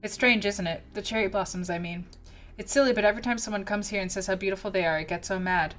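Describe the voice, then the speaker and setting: A quiet, sorrowful young shrine maiden from a story game, read out by a woman. She speaks softly and with little force, in a bright, clear tone. Faint game music plays behind her. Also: mid-range voice, fast talker, natural voice. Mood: wistful.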